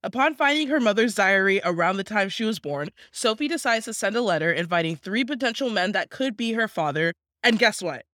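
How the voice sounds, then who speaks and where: A woman's voice: mid-range voice, a little fast, hardly any pauses, dry recording, studio quality. Bubbly young woman podcast co-host. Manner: bubbly, giggly, animated. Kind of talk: casual chat.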